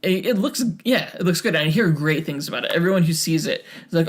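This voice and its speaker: A man's voice: a little high, expressive, quick pace, hardly any pauses. A young man co-hosting a podcast, talking casually with many fillers and restarts. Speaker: podcast co-host.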